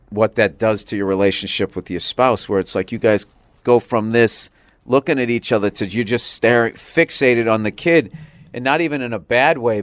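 A man's voice: lowish voice, no room sound. Profane storyteller man. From Boston, USA. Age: middle-aged. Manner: profane, rambling storyteller, lots of "like". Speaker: comedian guest. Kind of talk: casual podcast chat.

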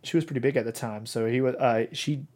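A man in his thirties co-hosting a casual podcast, rambling through his points with plenty of ums and restarts. His voice sits at an ordinary middle pitch. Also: steady tone, quick pace, darkish tone. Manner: rambling, many fillers and restarts. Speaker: podcast co-host.

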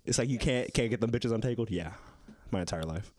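A man's voice: mid-range voice, expressive, a little fast, a little mellow. A young man joking crudely and teasing his friends in a casual podcast chat.

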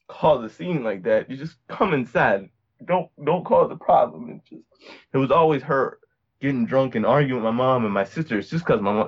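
A man's voice: mid-range voice, slightly rough, muffled recording. A young man from Virginia telling a personal story in a casual, rambling way, full of fillers and restarts. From Virginia, USA. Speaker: podcast guest.

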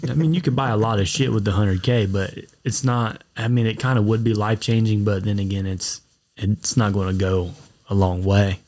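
A man's voice: lowish voice, fairly even intonation, normal speed, darkish tone. Rambling, laughing male podcast host. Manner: rambling storyteller, laughs often. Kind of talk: casual chat.

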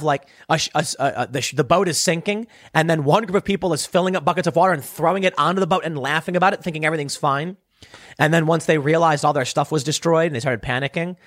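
A man's voice: fairly high pitch, fairly bright tone, no echo, studio quality. A man hosting his own commentary show, talking through analogies and acting out quoted voices. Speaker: political commentary host. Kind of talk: solo commentary monologue.

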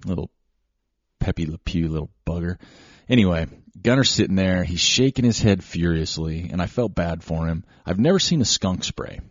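A man hosting a show, telling a casual, rambling, self-deprecating story with animated asides. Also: low voice, moderate pace, no echo. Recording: slightly dull lo-fi recording.

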